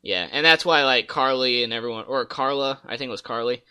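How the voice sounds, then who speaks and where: A man's voice: medium pitch, brisk, pushed and bright, clean tone. A man hosting a casual gaming podcast, rambling through stories and acting out characters' lines. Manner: rambling storyteller, acts out game characters' lines. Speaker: podcast host.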